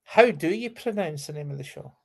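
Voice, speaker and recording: A man's voice: fairly high pitch, lively intonation, fairly quick, vocal fry, darkish tone. A man guesting on a casual live chat, talking hesitantly and restarting his questions.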